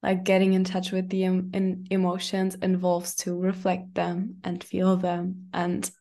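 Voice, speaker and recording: Slow, mellow-voiced woman host. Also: lowish voice, completely flat delivery. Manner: supportive, reflective, speaks in drawn-out phrases. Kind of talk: casual chat.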